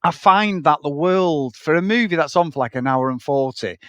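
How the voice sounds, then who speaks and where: Sweary, animated man. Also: on the high side, moderate pace, clean tone, dry recording. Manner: swears often, animated, acts out film lines. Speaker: podcast co-host. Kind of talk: casual film-review chat.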